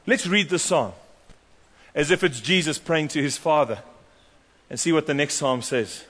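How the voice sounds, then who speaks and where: A man preaching a sermon, animated and storytelling, acting out the voices of the people in his stories. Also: a little high, moderate pace. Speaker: pastor. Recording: long hall reverb.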